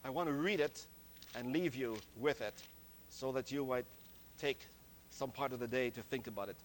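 A man preaching a sermon, slow and deliberate, stressing key words and calling his listeners friends. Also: mid-range voice, a little hiss or hum.

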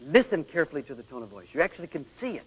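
A man's voice: a little high, very animated, racing, husky. A man giving an earnest talk on marriage, asking rhetorical questions and acting out examples. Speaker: speaker on marriage. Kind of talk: lecture with acted-out examples. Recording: dull radio recording with long hall echo.

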